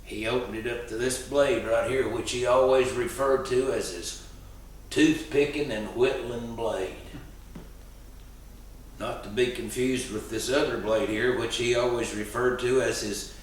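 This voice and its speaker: A man telling a story in a relaxed, folksy way. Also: mid-range voice, a little slow, a little hiss or hum. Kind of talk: oral storytelling performance. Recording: roomy sound, distant mic.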